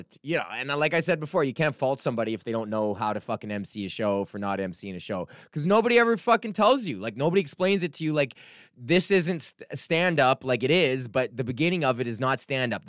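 A stand-up comic in his thirties hosts his own podcast, talking in a loose, profane, rambling rant. His voice is smooth and clear, and the recording is close and dry. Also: medium pitch, no room sound. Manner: profane, rambling, animated impressions. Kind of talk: casual ranting monologue.

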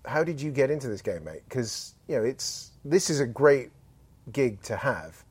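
Man, English accent, podcast host, chatty, self-mocking, middle pitch, dry close sound. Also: sing-song, normal speed, husky, no room sound. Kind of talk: casual interview chat. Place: museum collections hangar.

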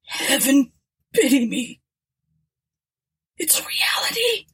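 A woman's voice: a little high, lively intonation, measured pace, husky, pitched above the performer's own voice, heavily acted. Woman voicing a haunted, terrified man. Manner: moaning, stammering, whispery. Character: terrified male ship passenger, haunted.

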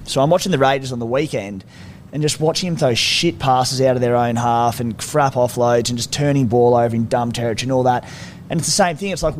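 An Australian man gives laid-back, rambling sports analysis as a podcast co-host. His voice is mid-pitched, with a faint rumble of noise in the background. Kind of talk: casual sports chat.

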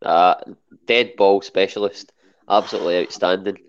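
A man's voice: deep voice, fairly even intonation, moderate pace, clean tone, muffled recording. A Scottish man chatting as a podcast guest, hesitant and full of restarts. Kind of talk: casual chat.

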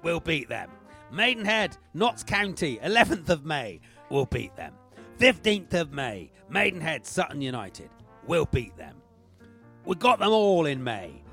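A man's voice: on the high side, sing-song, a little slow, gravelly, bright, forceful tone, faint music behind, heavily acted. A man playing a boastful, chirpy football manager posing as a secret agent, with a put-on Cockney accent and lots of slang.

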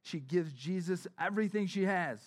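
A man preaching a sermon as pastor, talking conversationally and acting out the people in the story. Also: moderate pace. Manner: conversational, acts out quotes with shifting pitch and volume.

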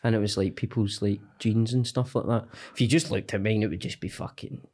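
A man's voice: fairly low pitch, fairly even intonation, brisk, a little mellow, breathy edge. A Scottish comedian, a man, telling jokey, sweary stories as a guest in casual podcast banter on a close studio mic. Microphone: studio mic close to face.

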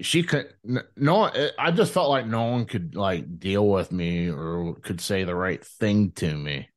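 Man, deep low voice, dry close sound, rambling profane storytelling, thirties. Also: dry recording. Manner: rambling, profane, animated, frequent restarts. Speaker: podcast guest. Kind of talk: casual storytelling interview.

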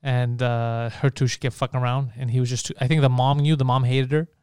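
Crude joking man, crisp dry voice. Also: mid-range voice, flat delivery, darkish tone, dry recording. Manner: joking, quick to laugh, crude. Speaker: podcast co-host. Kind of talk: casual podcast chat.

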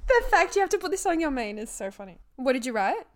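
A giggly woman co-host chatting casually with friends on a podcast. Her voice sits a bit high and swings widely in pitch as she talks. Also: sing-song, fast talker. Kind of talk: casual chat.

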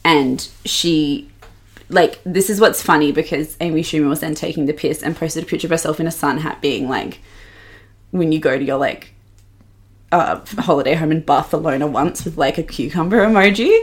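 A young woman with a low-pitched voice chats on a podcast. She gossips with animated, sweary energy, often slipping into mocking impressions of the people she discusses. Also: normal speed. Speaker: podcast co-host. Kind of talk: casual gossip chat.

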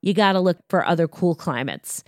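A woman's voice: fairly low pitch, animated, dry recording, studio quality. Opinionated middle-aged woman explaining wine. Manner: opinionated, knowledgeable, talks in quick asides. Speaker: wine podcast host. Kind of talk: casual explanatory chat.

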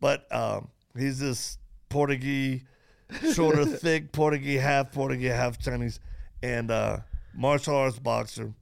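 A man hosting a podcast interview, telling stories in quick animated bursts and laughing as he goes. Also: mid-range voice, creaky. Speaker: podcast host. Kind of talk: casual interview chat.

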